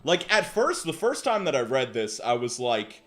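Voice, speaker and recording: A man's voice: medium pitch, very animated, normal speed, few pauses, fairly bright tone. A man in his twenties hosting a live stream, chatting casually in slang and swearing freely as he reacts to forum posts. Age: 20s. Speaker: livestream host reading forum posts.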